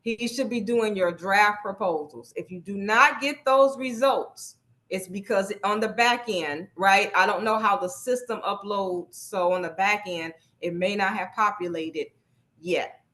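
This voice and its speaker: A woman's voice: mid-range voice, a little slow, fairly bright tone. Woman, casual workshop instructor, encouraging, repeats steps, video call. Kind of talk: live online workshop teaching.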